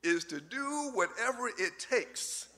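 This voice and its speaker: A man preaching a sermon, telling a folksy story in a deliberate way with short pauses. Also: high voice, very animated, bright, forceful tone. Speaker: pastor.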